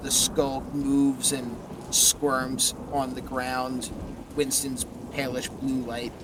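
A man narrating a tabletop horror game as game master, slow and descriptive. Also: medium pitch, monotone, background noise.

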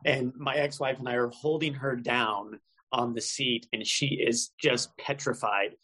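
A man in casual podcast chat, telling a self-mocking story with a gravelly voice. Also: medium pitch, fairly even intonation, unhurried, sharp tone, poor audio.

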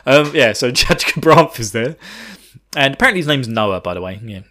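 A man with a middle-pitched voice recaps a game in loose, casual podcast chat. He is irreverent, drops swear words and keeps breaking into chuckling asides. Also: animated, moderate pace, bright, forceful tone. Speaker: podcast host.

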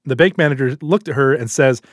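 A man's voice: medium pitch, fast talker, no echo. Man telling jokes, dry close sound. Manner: storytelling, animated delivery. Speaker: podcast host. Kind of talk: casual joke-telling.

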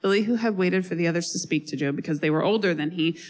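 A woman preaching a sermon in a conversational, animated way, with asides to the listeners. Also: on the low side, fast talker, poor audio.

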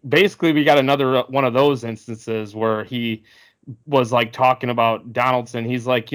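A man talking through a casual sports podcast at an everyday pitch. He rambles, circles back and restarts his sentences often. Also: fairly even intonation, normal speed, a bit bright. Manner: rambling, many fillers and restarts. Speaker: podcast co-host.

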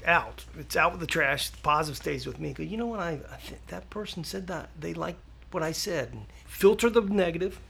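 A man's voice: a little high, brisk, gravelly, a little hiss or hum. A man, a podcast guest, chatting casually and acting out little quoted exchanges as he tells stories. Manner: animated storyteller, lots of restarts and acted-out quotes. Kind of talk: casual interview chat.

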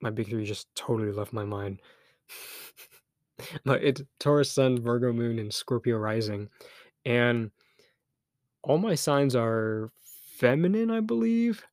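A man's voice: on the low side, darkish tone, no echo, studio quality. Candid young man hosting a podcast. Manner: candid, loose, thinks aloud with restarts; a little embarrassed but encouraging. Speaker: podcast host. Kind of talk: casual solo podcast monologue.

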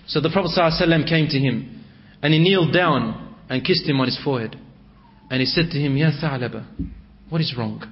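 A man with a high voice, telling a religious story with dramatic, emotive delivery. The recording is dull and lo-fi. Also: fast.

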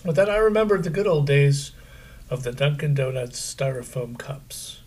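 A middle-aged man with a husky, slightly breathy voice chats casually as a podcast co-host. His talk is joking and self-deprecating. He is from central Pennsylvania. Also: medium pitch, fairly even intonation, moderate pace, a little mellow.

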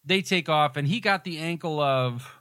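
A man's voice: fairly high pitch, normal speed, pushed and bright, clear, resonant tone, dry recording. A man co-hosting a podcast, casually retelling movie scenes in detail and laughing often. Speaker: podcast co-host.

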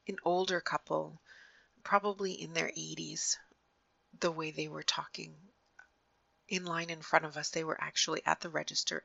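A woman hosting a podcast, giving an earnest, gentle reflective monologue that often drops to a soft near-whisper. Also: low-pitched, gravelly, no room sound, lo-fi sound. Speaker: podcast host.

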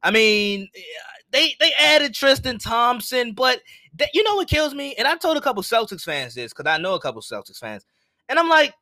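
A man's voice: extremely high pitch, sing-song, normal speed, pushed and bright, no echo. A man in casual sports chat, earnest and getting worked up as he argues his picks.

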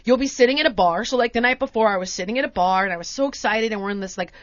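An American woman hosting a podcast, telling a story in a casual, animated way and acting out the exchanges in different voices. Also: mid-range voice, very fast, dry recording. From United States. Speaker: podcast host. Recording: dry, dull lo-fi sound.

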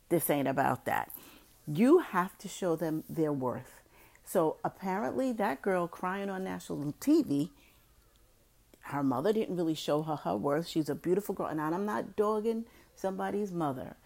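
Chatty, opinionated woman podcast host, low and gravelly. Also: darkish tone. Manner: chatty, opinionated, playful asides. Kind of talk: casual podcast commentary.

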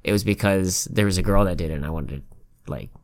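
Low-voiced profane podcast co-host. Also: male voice, a little fast, no room sound. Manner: profane, joking, loud bursts of laughter. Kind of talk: casual chat.

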